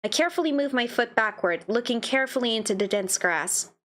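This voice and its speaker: A woman's voice: fairly high pitch, lively intonation, a little fast, a bit bright. A woman streaming a game, reading its dialogue aloud and reacting playfully between lines. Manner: playful, reads text then comments with laughs.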